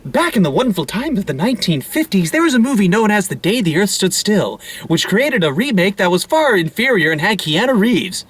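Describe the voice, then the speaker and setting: A young man with a high, very lively voice that leaps all over the place. He hosts a loose movie review chat from a car, swearing freely and laughing between jokes. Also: fairly quick, hardly any pauses, slightly rough. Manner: animated, profane, laughs often, breaks into mock outbursts. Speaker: host of a movie review show. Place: inside a car.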